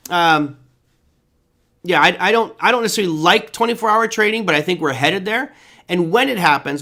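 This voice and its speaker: A man's voice: high-pitched, bright, forceful tone. A man hosting a live trading stream, talking casually about the markets and answering viewer questions, often checking in with "right?". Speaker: trading show host.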